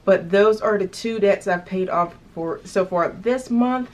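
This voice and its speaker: An unhurried woman with a medium-pitched voice chats to camera about getting out of debt. As a budgeting vlogger in casual vlog mode, she thinks aloud, restarts often, lets out little laughs, and has a touch of hiccups.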